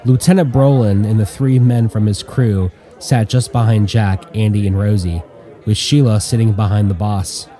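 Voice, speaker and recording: A man narrating an audiobook in an even, measured way. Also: on the low side, some chatter behind.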